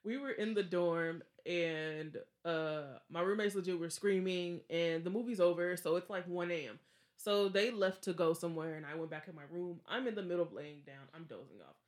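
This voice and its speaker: A woman's voice: on the low side, moderate pace. Young woman telling a spooky story. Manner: animated, acts out quotes with laughs. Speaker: podcast host. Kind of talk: casual storytelling.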